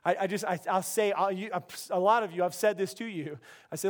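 Male pastor, middle-aged, high voice, casual animated sermon delivery. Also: brisk. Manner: conversational, animated, self-interrupting preacher.

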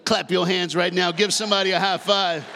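A man in his sixties preaching a lively sermon, leading the congregation in call-and-response, shouting and half-singing at the peaks and joking in between. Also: high-pitched, brisk, over music, crowd noise. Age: 60s. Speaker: guest preacher.

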